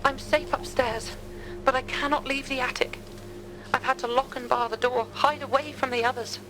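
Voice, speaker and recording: An actress voicing a frightened young woman hiding in an attic in a game, with a British accent and hushed, pleading, old-fashioned speech. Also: high voice, fairly even intonation, normal speed, music in the background, lightly acted, low-quality recording. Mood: urgent.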